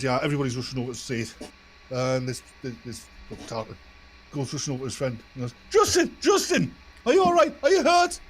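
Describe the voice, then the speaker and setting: A man telling long crude jokes in casual chat on an online call, rambling and animated. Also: medium pitch, a little hiss or hum. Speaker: podcast co-host.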